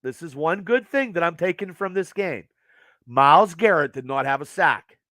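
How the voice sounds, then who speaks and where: A man hosting a live show from home, ranting angrily and profanely, worked up and talking in fast bursts. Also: fairly high pitch, expressive, pushed and bright, dry recording, clean studio sound. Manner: profane, agitated, fast rants. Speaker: podcast host. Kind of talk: angry sports rant to live chat.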